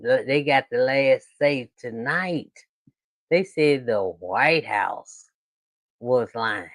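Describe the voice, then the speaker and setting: Slow, drawling reaction host. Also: mid-range voice, dry recording. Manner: slow, drawling and joking, talks straight to viewers. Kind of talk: casual reaction commentary.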